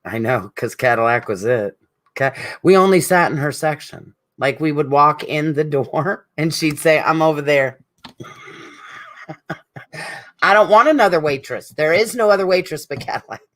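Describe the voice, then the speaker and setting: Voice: mid-range voice, lively intonation, moderate pace, fairly bright tone. A middle-aged speaker, giving an emotional, rambling tribute straight to an absent friend at a support group meeting. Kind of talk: heartfelt spoken tribute to a friend.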